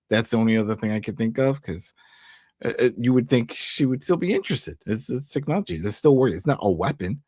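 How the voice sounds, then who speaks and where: A man co-hosting a casual TV recap, reacting with animated opinions and quoting characters as he goes. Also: mid-range voice, husky, dry recording, studio quality. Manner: animated, quick to react and agree. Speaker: podcast co-host.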